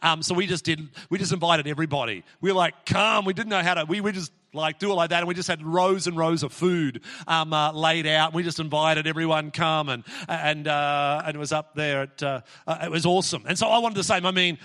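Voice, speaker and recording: A middle-aged man preaching a sermon from the front of a church, praying and telling family stories in an animated, exclamatory way with many restarts. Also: fairly high pitch, brisk, hardly any pauses. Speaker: pastor. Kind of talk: sermon with prayer and personal stories. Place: church hall. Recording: long hall reverb in church.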